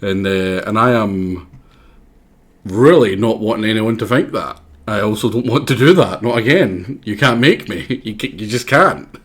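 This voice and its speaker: A man's voice: on the low side, normal speed, slightly rough. A man livestreaming a video game, talking in a rambling, self-mocking way, his voice sore from doing character voices. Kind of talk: casual gameplay commentary.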